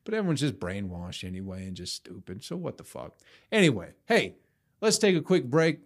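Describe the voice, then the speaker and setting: A man's voice: mid-range voice, sing-song, normal speed. A man hosting a comedy podcast, talking in a casual, profane, ranting way.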